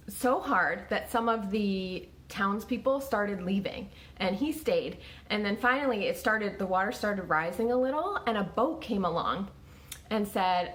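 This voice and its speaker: A woman's voice: medium pitch, fairly bright tone. Chatty woman in her thirties. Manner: conversational, lots of "like" and restarts. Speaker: vlogger telling her story. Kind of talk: casual storytelling to camera.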